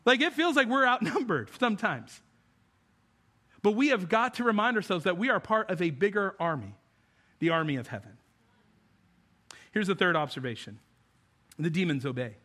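A man's voice: high-pitched, lively intonation, normal speed, pauses often, bright, forceful tone. A male pastor giving a conversational sermon, often asking the congregation questions. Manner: conversational, asks the audience questions.

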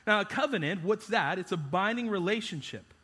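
A man with a high, bright voice preaches in a casual, animated way, asking his congregation question after question. He talks like he is chatting with the room. A long reverb trails each phrase through the church hall. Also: brisk, slightly rough. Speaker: pastor. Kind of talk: sermon. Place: church sanctuary.

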